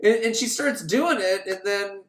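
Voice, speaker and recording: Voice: mid-range voice, very animated, normal speed, roomy sound. A podcaster recapping a film in a rambling, joking way, often breaking into laughter. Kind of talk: comic movie recap.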